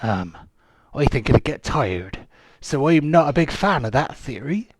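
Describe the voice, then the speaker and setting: A man doing a gravelly old pirate. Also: mid-range voice, big pitch swings, measured pace, no room sound, heavily acted. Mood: musing. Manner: growling pirate voice with "arr" and "there be". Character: kneeless old male pirate sea dog, gruff would-be philosopher. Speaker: game master.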